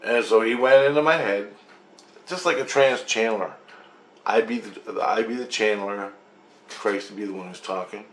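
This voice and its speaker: A vlogger recounts a dream in a long, rambling monologue, his fairly low voice moving at a moderate pace in a reverberant space. He swears freely and keeps restarting his sentences.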